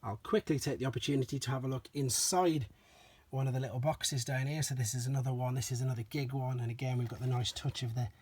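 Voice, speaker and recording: Speaking fast with a breathy edge in a mid-range voice, a man chats easily through a show-and-tell of his collectible toys, frequently falling back on "as I say" and similar stock phrases.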